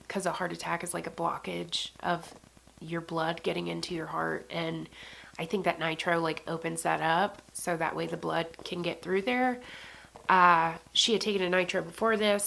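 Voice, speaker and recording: A woman's voice: on the low side, vocal fry, fairly bright tone. A woman in her thirties, a vlogger, telling a painful personal story in a casual, emotional way, full of fillers and swearing. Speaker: beauty vlogger.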